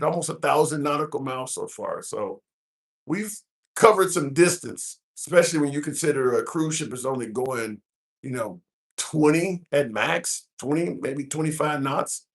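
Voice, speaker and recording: A man from the American Midwest hosts a loose live-stream call-in, chatting along and reading viewer comments aloud. His voice sits a touch high, and his talk is full of fillers and restarts. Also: vocal fry. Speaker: livestream host. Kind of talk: casual live-stream chat. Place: cruise ship at sea.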